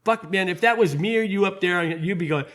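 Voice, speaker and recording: A man holds forth on his own podcast in a loose, angry rant. He swears constantly and trips over his own sentences as he pushes his points. His voice sits a little higher than most men's. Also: a little fast, a bit bright. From United States. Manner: heated, profane, stumbling restarts. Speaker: podcast host. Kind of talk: casual political rant.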